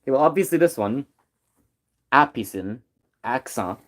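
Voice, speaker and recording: A man's voice: medium pitch, animated, normal speed. A young man in casual chat with friends, teasing them in a mock-teacherly way.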